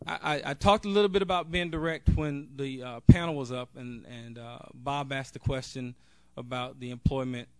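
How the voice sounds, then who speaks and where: A man addresses a convention from the podium, earnest and direct, stumbling now and then as he speaks without notes. His voice sits at an ordinary middle pitch. The sound is dry and close, with little room echo. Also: steady tone, normal speed, few pauses, a little mellow, clear, resonant tone. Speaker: convention speaker, national board member. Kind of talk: speech at a convention. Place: convention hall.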